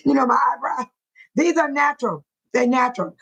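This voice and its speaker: High-voiced woman chatting and laughing. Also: lively intonation, normal speed, pauses often, fairly bright tone, slightly rough, low-quality recording. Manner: chatty, repeats herself, laughs often. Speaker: livestream host. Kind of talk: casual chat to viewers.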